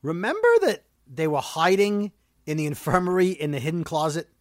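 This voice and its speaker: A man hosting a casual chat that recaps a TV episode, talking fast and ranting about plot holes. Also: a little high, dry recording, studio quality. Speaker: podcast host recapping a TV episode.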